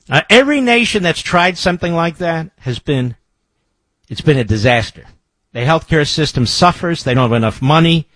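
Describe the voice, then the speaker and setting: A man's voice: a little high, expressive, normal speed, a bit bright, no echo. A man hosting a talk radio show, delivering an emphatic monologue into a studio microphone and repeating key phrases for effect.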